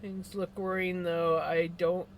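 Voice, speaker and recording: A streamer, chatting casually with viewers on a live stream from home in a relaxed, unhurried way, with sighs and yawns. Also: mid-range voice, slight background noise. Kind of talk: casual livestream chat.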